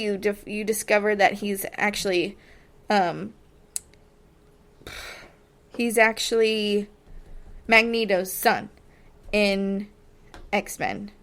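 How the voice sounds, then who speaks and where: Chatty woman podcaster, lots of "like". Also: medium pitch. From Texas. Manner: chatty, many filler likes, animated asides. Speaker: podcast host. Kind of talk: casual solo podcast recap.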